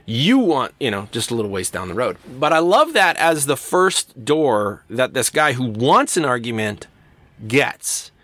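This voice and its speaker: Animated man giving a recorded lecture. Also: mid-range voice, a little slow, no room sound. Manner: animated, acts out quoted voices. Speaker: university English instructor.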